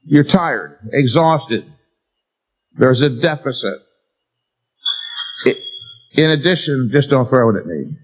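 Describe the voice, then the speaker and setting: A man's voice: mid-range voice, animated, slow, long pauses, background noise. A man giving a live seminar lecture to an audience, emphatic, stressing key words and answering his own rhetorical questions. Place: seminar room before an audience. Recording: dull lo-fi 1990s seminar tape.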